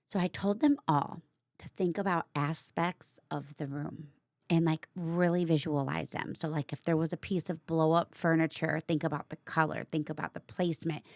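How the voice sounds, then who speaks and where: A woman hosting her own vlog, candidly telling a personal story in a casual, animated way. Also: sits low, normal speed, gravelly, dry recording, studio quality. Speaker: vlogger host.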